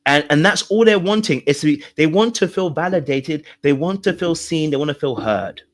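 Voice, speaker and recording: A man's voice: fairly high pitch, animated, moderate pace. A man coaching viewers on relationships in a live-stream talk, emphatic and repetitive, often checking in with the audience. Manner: emphatic, repeats points, checks in with "okay? all right?".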